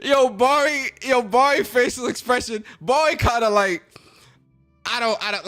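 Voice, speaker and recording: A man hosting a casual reaction video, talking in excitable slang and laughing a lot. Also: very high voice, normal speed, faint music behind. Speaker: host.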